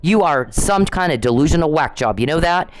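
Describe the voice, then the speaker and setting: A vlogger with a low, lively voice rants furiously at the camera, talking fairly quickly, scolding and cursing. When she gets heated she stumbles, repeating herself and starting over. The audio is poor, though without echo.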